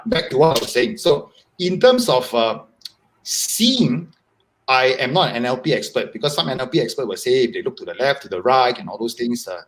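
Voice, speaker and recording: A man, a guest on a live video-call interview, explaining at length in an animated, repetitive way. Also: medium pitch, rough recording. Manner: animated, repetitive, talks in long explanatory runs. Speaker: guest author.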